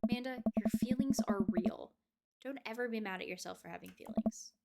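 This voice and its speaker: A woman reading a gentle, goofy dad. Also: fairly high pitch, brisk, gravelly. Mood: tender. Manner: soft, reassuring, joking. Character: gentle, goofy dad comforting his daughter. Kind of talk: game script read aloud. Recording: loud game music behind.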